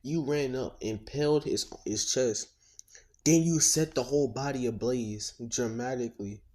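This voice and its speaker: A man's voice: medium pitch, measured pace, a little mellow, lightly acted. A man voicing a ruthless, money-driven teenage boy hero who talks bluntly with slang and profanity in a fan-made story. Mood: cocky.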